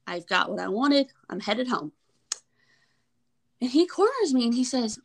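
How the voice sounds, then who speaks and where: Young woman co-host, fairly high voice, animated and exasperated storyteller. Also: unhurried. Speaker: podcast co-host. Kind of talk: storytelling in casual chat.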